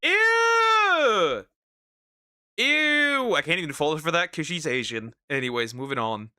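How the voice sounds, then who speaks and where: A man streaming and reacting to videos in casual commentary, animated and exclaiming, often repeating himself. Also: mid-range voice, fast, no echo, clean studio sound.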